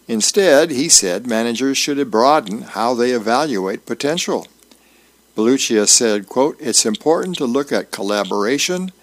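A man reading news articles aloud in a steady read-aloud delivery, marking quotations by saying "quote" and "unquote". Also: medium pitch, no room sound. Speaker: article reader.

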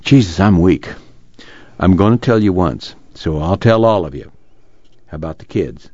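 A man's voice: sits low, animated, moderate pace, a little mellow, no room sound. A man voicing a battered, weary young farmhand. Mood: hushed. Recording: muffled, dry.

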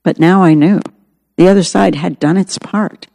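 A woman's voice: on the low side, steady tone, moderate pace, gravelly, warm tone, big-room sound. A woman narrating her own memoir as an audiobook, in an earnest, reflective way.

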